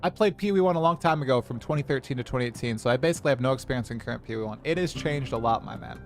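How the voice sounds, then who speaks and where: A young man chatting casually on a livestream, rambling and animated as he talks to his chat. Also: medium pitch, racing, soft background music. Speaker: streamer.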